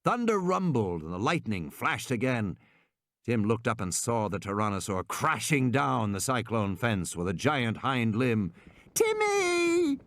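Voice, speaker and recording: A man's voice: measured pace, no room sound, clean studio sound. A man narrating an audiobook in a dramatic, scripted style. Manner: dramatic, lively pitch swings.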